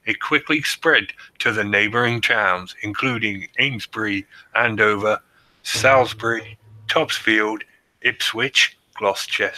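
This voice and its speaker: A man's voice: on the low side, unhurried, sharp tone, no room sound, rough recording. A man co-hosting a podcast, reading out history notes and joking between the facts. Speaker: podcast co-host presenting research. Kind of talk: casual chat reading notes.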